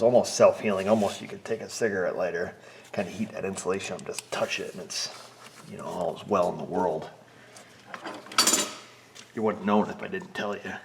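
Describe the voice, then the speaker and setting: A man's voice: sits low, creaky. A man working as an auto mechanic, chatting casually and joking to himself as he works in his repair shop. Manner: joking, rambling, talks to himself and the parts. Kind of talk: casual workshop vlog, talking while working. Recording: noisy garage with tool clicks.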